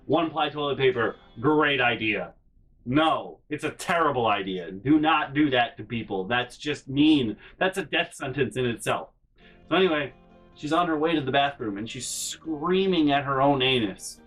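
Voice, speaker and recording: A man's voice: fairly high pitch, far from the mic, rough recording. A man telling a comedic story from his life, rambling and swearing freely. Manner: profane, rambling, animated. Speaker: channel host, storyteller.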